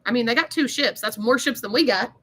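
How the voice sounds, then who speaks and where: Bright-voiced woman bantering playfully. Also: on the high side, fast talker. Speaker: co-host. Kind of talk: casual live-stream chat.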